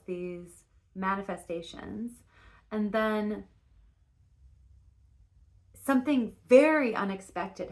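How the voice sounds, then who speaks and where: Rambling woman doing a tarot reading. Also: mid-range voice. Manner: rambling and self-interrupting, with frequent "like" and restarts; swears casually. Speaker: tarot reader. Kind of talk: casual spoken tarot reading.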